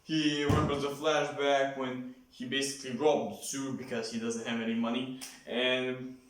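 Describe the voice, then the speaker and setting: A man's voice: medium pitch, level tone, moderate pace. A man casually reviewing a comic chapter, rambling with lots of fillers. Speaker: manga reviewer. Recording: very echoey room, far from mic.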